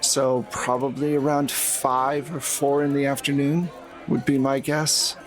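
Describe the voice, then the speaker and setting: A man's voice: medium pitch, flat delivery, measured pace, faint music behind, close to an everyday voice. A man voicing a shrewd old woman of seventy-two. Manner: wry, world-weary, haggling.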